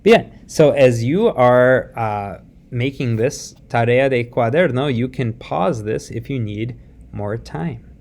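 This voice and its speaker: A male teacher talks through a recorded lesson at an unhurried, deliberate pace. His voice sits at an ordinary middle pitch, and he explains each point patiently. He often pauses to check in with his students. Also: vocal fry, darkish tone, a little hiss or hum. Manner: patient, explains slowly, mixes English and Spanish words; often adds a rising "see?" check-in. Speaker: Spanish teacher.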